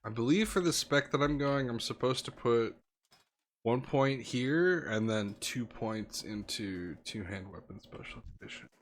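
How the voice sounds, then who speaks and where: Lively, chatty male streamer. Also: mid-range voice, a little slow, slight background noise. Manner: chatty, joking, thinking aloud. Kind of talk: casual gaming stream chat.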